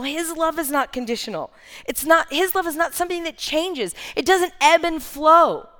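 A woman's voice: high-pitched, a bit bright. A woman in her thirties preaching a sermon, earnest and emphatic, repeating key phrases. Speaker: speaker preaching. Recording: long reverb of a large hall.

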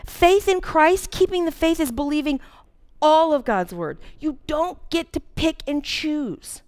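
A woman's voice: sits high, lively intonation, unhurried, a little mellow. A woman in her forties preaching a sermon, earnest and candid, telling a personal story with dramatic emphasis. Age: 40s.

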